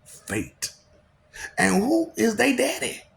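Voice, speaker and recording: A man's voice: extremely high pitch, huge pitch swings, slow pace, gravelly, fairly bright tone, slight background noise. A man delivering a rambling, preachy monologue to viewers, often laughing and firing off mocking rhetorical questions, sometimes stumbling over his words. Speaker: self-proclaimed god addressing viewers.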